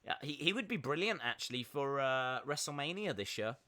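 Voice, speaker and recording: A man's voice: medium pitch, animated, brisk, bright, forceful tone. A young man hosting a casual live wrestling watch-along, chatty and upbeat with lots of fillers, reading out viewer messages. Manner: chatty, upbeat, many fillers, reads out chat. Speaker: live-stream reaction host.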